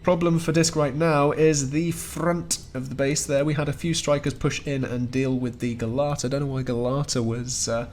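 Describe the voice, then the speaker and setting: A man casting a real-time strategy match with chatty, wry play-by-play and frequent chuckles. His pitch sits in a middle range for a man. Faint music plays underneath. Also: level tone, normal speed, few pauses, a little mellow. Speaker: esports caster. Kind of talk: play-by-play game commentary.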